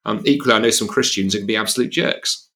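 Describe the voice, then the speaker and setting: Here the same kind of speaker, a male evangelist guesting on a podcast, talks fast in a lowish voice that sounds pushed and bright. Earnest and emphatic, he keeps restarting sentences as the conversation unfolds.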